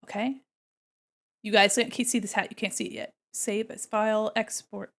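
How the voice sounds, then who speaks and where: A woman's voice: mid-range voice, fairly even intonation, moderate pace, fairly bright tone. A woman art streamer chatting casually and playfully with her viewers while she works on a drawing. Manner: chatty and playful, talks to chat while working.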